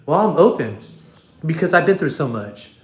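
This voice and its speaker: A man with a somewhat high voice rants bluntly into a phone on a casual livestream. He swears freely, restarts his sentences and wanders off track. The phone picks up a lot of echo from the room. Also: big pitch swings, normal speed. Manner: blunt, profane, rambling with restarts. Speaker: livestream host.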